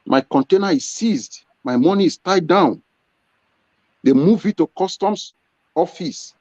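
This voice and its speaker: A man's voice: high-pitched, expressive, unhurried, darkish tone, no echo. A man, a business owner, answering interview questions in an earnest storytelling way. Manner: earnest, storytelling with acted quotes. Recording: dull lo-fi sound.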